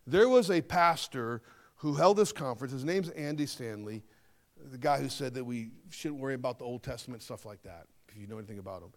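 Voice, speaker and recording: A man preaching a sermon, emphatic, slowing down to stress key phrases and dipping into quieter asides. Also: on the high side. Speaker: pastor.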